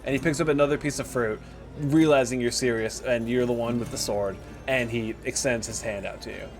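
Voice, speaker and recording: A man narrating as dungeon master in a tabletop game, lively with many fillers. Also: mid-range voice, brisk, faint music behind.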